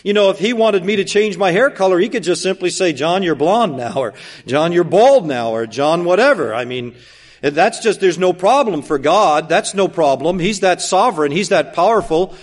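A man preaching a sermon, emphatic and repetitive, full of rhetorical questions, swinging between loud and hushed. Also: high-pitched. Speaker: pastor.

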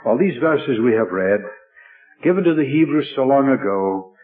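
A male preacher delivers a sermon in a measured, emphatic cadence and drives his points home by repeating them. His voice comes through thin and tinny, like an old radio broadcast. Faint music sits softly behind him. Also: mid-range voice, lively intonation.

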